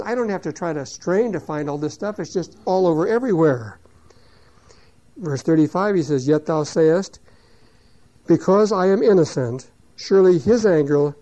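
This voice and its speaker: Guy going thru bible verses, reads em slow n loud then explains fast, warm dark tone. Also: on the high side, dull audio. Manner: reads scripture slowly and loudly, then explains it quickly in plain words. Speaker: Bible teacher.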